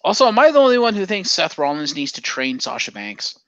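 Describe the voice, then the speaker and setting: A man's voice: on the high side, big pitch swings, fairly quick, fairly bright tone, no room sound, muffled recording. A man co-hosting a podcast, chatting casually about wrestling in a sarcastic, profane rant. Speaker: podcast co-host.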